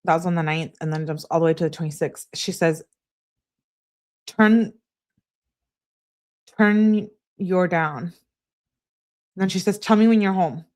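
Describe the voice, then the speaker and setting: A woman on a live stream reading text messages aloud in a steady voice, breaking off to answer her chat. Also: sits low, fairly quick. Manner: flat reading, asides to chat.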